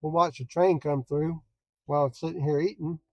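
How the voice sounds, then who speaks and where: A man's voice: on the high side, fairly even intonation, moderate pace, mellow, no room sound. A man who chases storms and photographs them, chatting casually with viewers on a live stream from the roadside. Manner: easygoing, chatty, talks to viewers. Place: outdoors by the roadside on open plains.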